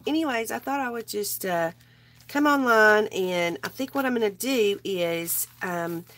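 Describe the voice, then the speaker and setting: A woman's voice: mid-range voice, animated, measured pace, fairly bright tone. A woman, sick and straining her voice, rambling casually to viewers while crafting on a livestream. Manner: rambling, greets viewers by name.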